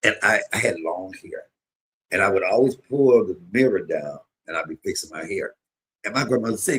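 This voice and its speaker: Husky, deep-voiced man in his fifties. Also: animated, brisk. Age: 50s. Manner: emotional, rambling storytelling with sudden loud bursts. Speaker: comedian streamer. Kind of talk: casual livestream chat and storytelling.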